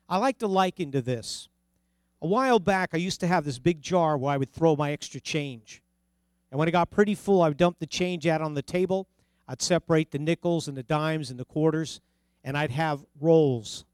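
A middle-aged man with a New Jersey accent delivers a sermon in a slightly raised voice. He speaks earnestly, leaning on repeated phrases and personal stories. The sound is dry and close, with no room echo. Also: a little high. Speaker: preacher.

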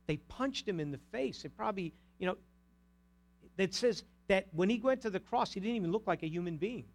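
A man's voice: high-pitched, lively intonation, fairly quick. A male pastor preaching an emphatic sermon, asking the congregation pointed rhetorical questions.

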